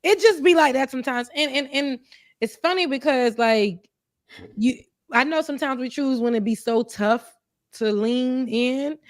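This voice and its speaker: Co-host, female, somewhat high voice, earnest and reflective, dry close recording. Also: normal speed, no echo. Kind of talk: casual chat.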